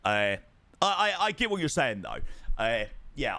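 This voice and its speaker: Young guy streaming flight sim, bouncy pitch, bright punchy voice, dry close mic. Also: very animated, measured pace, no echo. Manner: chatty, greets viewers, reads and answers chat. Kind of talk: casual live-stream chat.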